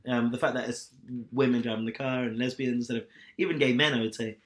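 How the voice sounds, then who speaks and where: A man's voice: mid-range voice, fairly even intonation, fast talker. Young male co-host, loose rambling chat delivery, filler-heavy. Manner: chatty, rambling retelling with many fillers. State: sore back, hungover. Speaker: podcast co-host. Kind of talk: casual chat.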